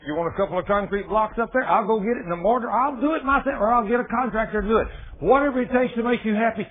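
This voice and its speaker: A man's voice: high-pitched, quick pace. A man preaching a sermon in a folksy, storytelling way with plain dialect grammar. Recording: tinny phone-like radio broadcast.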